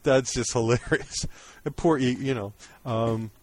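A man's voice: mid-range voice, unhurried, a little mellow, no room sound. A man co-hosting a podcast, chatting casually about old episodes and laughing often as he retells the jokes. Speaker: podcast co-host. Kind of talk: casual chat.

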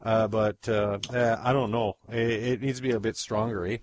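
A man's voice: on the low side, steady tone, moderate pace, no room sound, studio quality, natural voice. A man voicing a dim, apologetic alien who talks like a laid-back Canadian, rambling through "like" and "eh".

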